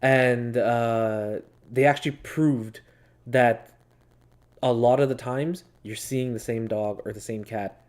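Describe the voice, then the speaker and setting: Talking slowly with fairly even intonation in a medium pitch, this man co-hosts a gaming channel and rambles through stories over a game. He's casual and profane, laughing often as he goes.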